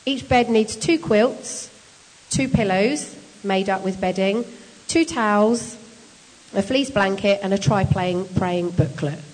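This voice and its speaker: A woman leading a group through a timed bed-making task, brisk, encouraging and teasing as she hands out jobs. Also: medium pitch, darkish tone, in a large hall. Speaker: shelter volunteer leader running a bed-making activity. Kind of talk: casual instructions to a group.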